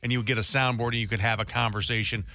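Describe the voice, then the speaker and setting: A man's voice: medium pitch, steady tone, racing, sharp tone, no room sound. A man co-hosting a radio talk show, riffing and laughing in casual chat.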